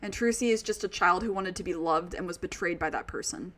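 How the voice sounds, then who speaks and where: Her voice is on the low side and fairly bright, and she speaks briskly. While streaming a video game she reads lines aloud and chats casually, an emotional, gushing fan full of ums and asides.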